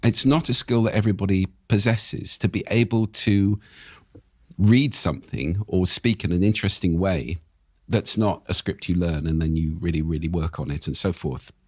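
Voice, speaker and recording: An older man with a husky voice, explaining speaking technique in a lively, expressive conversational way. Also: sits low, moderate pace, no room sound, studio quality. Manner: animated, expressive intonation. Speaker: voice coach guest.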